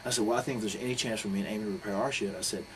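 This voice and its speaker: In a candid interview, this North Carolina pro wrestler bluntly tells a heated personal story, cursing freely as his words tumble out quickly. His fairly low voice keeps fairly even intonation over faint background noise.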